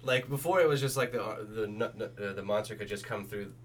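A man's voice: fairly low pitch, fast, a little hiss or hum. A man co-hosting a podcast in casual chat, joking around and laughing often. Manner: jokey, laughs often, does silly voices. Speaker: podcast co-host.

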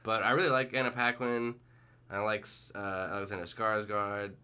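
A man's voice: lowish voice, normal speed, clear, resonant tone. A man co-hosting a podcast, joking and swearing in casual chat. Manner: profane, joking, animated. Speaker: podcast co-host.

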